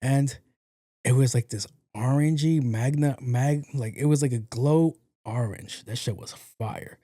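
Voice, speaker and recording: Male podcast host, casual storytelling, acts out other people's lines, warm mellow tone, dry close sound. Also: medium pitch, unhurried, no echo. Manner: animated, acts out quotes, profane.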